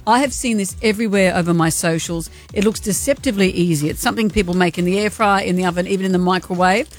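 A woman's voice: mid-range voice, fast talker, soft background music. A woman co-hosting a radio show, chatting casually and laughing easily while she explains a recipe. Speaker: radio co-host. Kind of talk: casual on-air cooking banter.

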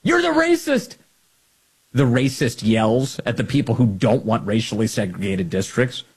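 A man's voice: on the low side, normal speed, a little mellow, breathy edge. A man delivering an opinion commentary monologue, emphatic, sarcastic and combative. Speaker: political commentator.

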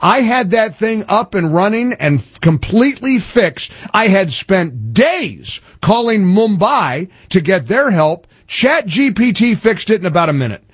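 A man hosting political talk radio, emphatic and animated, often restarting his sentences. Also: high voice, a little slow, hardly any pauses, breathy edge, no room sound, studio quality.

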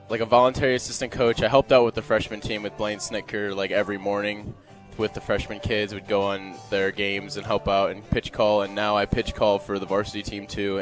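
A man in his twenties, a volunteer assistant coach, answering interview questions in a halting, rambling way. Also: on the low side. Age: 20s. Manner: halting, full of fillers and restarts. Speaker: guest, former player and volunteer assistant coach. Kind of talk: radio interview.

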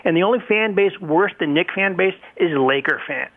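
A man's voice: high voice, expressive, fairly quick. A man calling in to a sports radio show, bitter and trash-talking. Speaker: caller. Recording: phone line.

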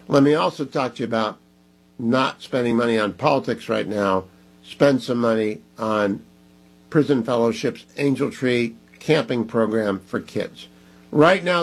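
A man hosting a talk radio show, making emphatic, preachy appeals to listeners in a husky voice. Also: medium pitch.

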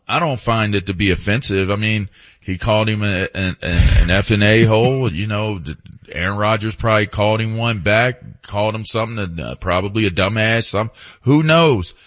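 A man's voice: on the low side, fairly bright tone, highs cut off. A man co-hosting a sports radio show, chatting casually and cracking jokes. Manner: joking, repeats catchphrases.

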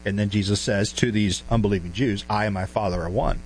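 A man's voice: fairly low pitch, steady tone, fast talker, slight background noise, low-quality recording. A man preaching an expository Bible lesson, emphatic and throwing rhetorical questions at the listeners.

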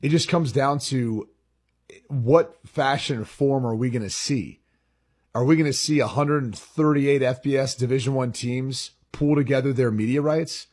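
A man's voice: medium pitch, measured pace, darkish tone, breathy edge. A man co-hosting a sports talk show, thinking aloud and often repeating words as he explains. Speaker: sports radio co-host.

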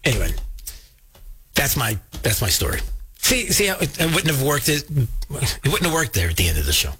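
A man hosting a talk show, telling a story casually and jumping high in pitch when he quotes people. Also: big pitch swings, brisk, pushed and bright, breathy edge. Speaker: show host.

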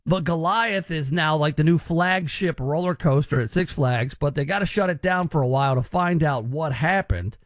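A man's voice: fairly high pitch, moderate pace, hardly any pauses, no echo, studio quality. A man in his thirties hosting a radio talk show, chatty and wry with rambling asides. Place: radio studio.

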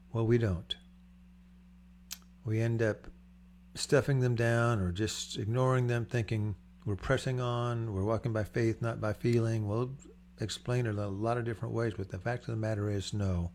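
A man's voice: fairly low pitch, fairly even intonation, moderate pace, a little mellow, slight background noise. An older man preaching a sermon in a conversational, storytelling way, acting out the voices he quotes. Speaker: pastor.

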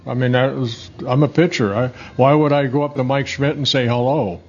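A man in his seventies from the Netherlands, a former pitcher telling rambling, self-correcting stories in an interview. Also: fairly even intonation, a little fast, slightly rough, muffled recording. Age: 70s. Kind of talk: casual storytelling interview.

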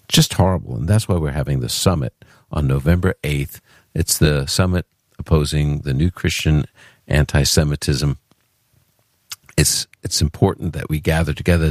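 A man from Brooklyn hosts a call-in radio show with an extremely deep voice. The sound is dry and close, and he talks in a chatty, earnest way. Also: no echo. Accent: New York. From Brooklyn, New York. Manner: chatty, earnest, with fillers and restarts. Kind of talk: live call-in radio talk.

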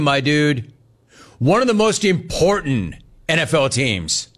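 A man's voice: on the high side, very animated, slow, a bit bright. Sarcastic, mocking male sports host. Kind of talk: comedic sports commentary rant.

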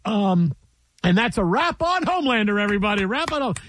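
A man in his fifties hosting a casual chat, telling animated stories and acting out quotes. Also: high voice, a little fast, no room sound. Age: 50s. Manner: animated storyteller, acts out quotes. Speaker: radio show host.

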